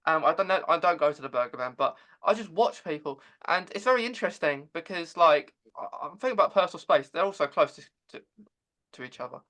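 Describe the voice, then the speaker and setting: Halting man, high bright voice. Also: animated. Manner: halting, with many stammered repeats. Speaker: podcast host. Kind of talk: casual conversation.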